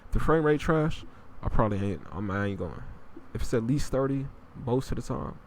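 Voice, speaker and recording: A man's voice: mid-range voice, lively intonation, brisk, a little hiss or hum. A young man hosting a podcast, chatting casually about video games in a blunt, profane, rambling way. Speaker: podcast host. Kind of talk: casual gaming chat.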